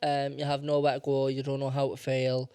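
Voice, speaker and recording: Young man, podcast host, smooth clear voice, dry close sound, rambling talk. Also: medium pitch, completely flat delivery, a little fast, a little mellow, dry recording. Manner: rambling, self-interrupting, emotional. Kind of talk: casual solo podcast talk.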